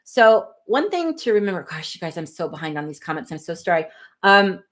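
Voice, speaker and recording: A woman in her fifties hosting a casual livestream, reading viewer comments aloud in a chatty, apologetic way with quick asides. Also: fairly low pitch, sing-song. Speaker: livestream host.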